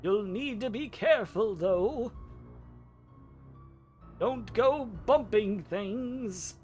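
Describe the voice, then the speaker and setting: A man's voice: sits high, extremely slow, a little mellow, soft background music, pitched above the performer's own voice. A man voicing a frail, very old male drow mage with a quavering voice, in a tabletop game. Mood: fussy. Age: older.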